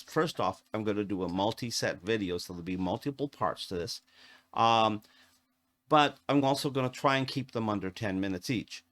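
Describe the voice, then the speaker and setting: A man talks through a tech tutorial in a relaxed, conversational way. His voice sits on the lower side, and he restarts phrases often with plenty of ums and uhs. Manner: chatty, self-interrupting with fillers and restarts. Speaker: AV technician instructor. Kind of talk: casual tutorial talk.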